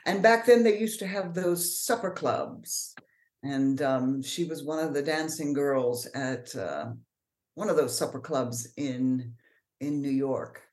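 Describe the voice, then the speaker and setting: A middle-aged woman from New Orleans with a Mid-Atlantic accent and proper, measured diction, answering interview questions with pauses and fillers. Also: rumbling low, a little mellow, echoey room. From New Orleans, USA. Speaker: actor and author, podcast guest.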